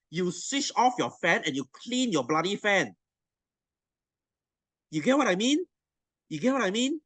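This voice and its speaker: A young man with a Malaysian English accent, tutoring science in a blunt, animated, teasing way, with plenty of swearing. His voice sits a little high for a man, and it is recorded close and dry, with no room sound. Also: measured pace, pauses often, dry recording. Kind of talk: online class rant to students.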